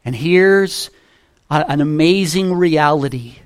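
A middle-aged man preaching from the pulpit at a slow, deliberate pace. His voice sits fairly high for a man, rising into loud, emphatic repetitions and then dropping to quiet, low asides. He reads scripture in a measured, old-fashioned cadence. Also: clean tone. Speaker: pastor. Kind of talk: sermon.

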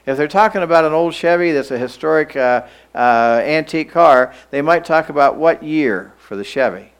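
A man preaching a sermon in a church, emphatic, slowing down to stress key lines and having the listeners repeat phrases after him. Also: on the high side, smooth, poor audio.

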